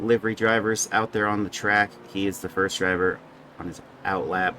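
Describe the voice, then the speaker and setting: A man's voice: lowish voice, steady tone, normal speed, sharp tone, slight background noise. A young man giving casual, joking live commentary on a sim race and stumbling over drivers' names.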